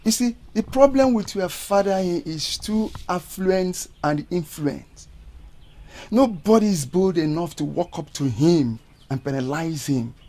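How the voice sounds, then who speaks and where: An actor with a Nigerian accent playing a firm middle-aged uncle who lectures on family tradition. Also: male voice, high-pitched, animated, measured pace, warm tone.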